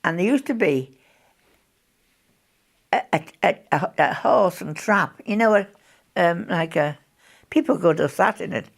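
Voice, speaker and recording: Older woman, gravelly, husky, chatty storyteller. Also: lowish voice, expressive, measured pace, long pauses. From Birkenhead, England. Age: 80s. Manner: chatty storyteller, laughs often. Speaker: interviewee. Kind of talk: recalling wartime memories in conversation.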